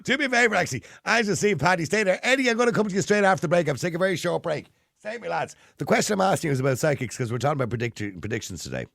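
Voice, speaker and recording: An Irish man hosting a radio phone-in, his pitch swinging widely as he talks fast and laughs along with callers. The studio sound is dry and close. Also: creaky, no echo. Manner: lively, quick, laughs often.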